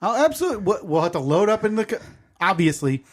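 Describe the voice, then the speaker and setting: A man co-hosting a casual podcast, teasing his partner with deadpan jokes. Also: high-pitched, fast talker. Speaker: podcast co-host. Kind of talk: casual chat.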